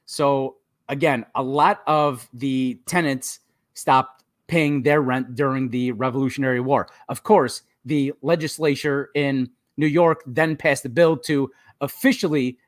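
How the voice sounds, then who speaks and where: A man of middle pitch co-hosts a casual history podcast, talking in a loose, chatty way, full of ums and laughs. His voice is close and dry, with no room sound. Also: unhurried, no room sound. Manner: relaxed, laughs often, many ums and restarts. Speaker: podcast co-host.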